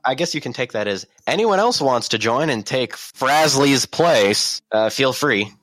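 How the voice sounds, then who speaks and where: A man's voice: medium pitch, expressive, a little slow, a bit bright, no echo, faint music behind. A teenage boy chatting casually as a podcast guest, blunt and jokey. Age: teens. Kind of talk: casual chat.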